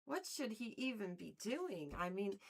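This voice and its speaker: A woman's voice: medium pitch, sing-song, a little slow, vocal fry, breathy edge. A woman livestreamer chatting casually with viewers in a playful, rambling way and giggling often.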